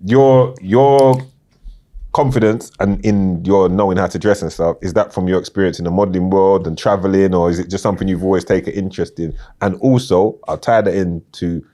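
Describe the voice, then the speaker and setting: Male host, deep voice, quick, teasing. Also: steady tone, warm tone. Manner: jokey, teasing, quick-fire questions. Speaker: podcast host. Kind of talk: casual chat.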